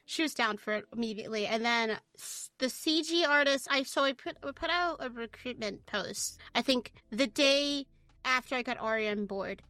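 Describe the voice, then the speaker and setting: A woman's voice: fairly high pitch, moderate pace, bright, forceful tone, dry recording. A woman game developer talking animatedly in a casual interview, laughing often and restarting her sentences. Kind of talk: casual chat.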